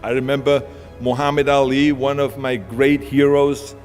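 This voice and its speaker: A man's voice: mid-range voice, level tone, normal speed, darkish tone. A man with an Austrian accent giving an emphatic, punchy motivational speech, with long hall reverb and music behind. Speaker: motivational speaker.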